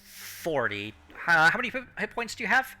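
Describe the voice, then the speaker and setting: A man running a tabletop game as game master, pausing often with ums while he checks the rules. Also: high-pitched, huge pitch swings, sharp tone.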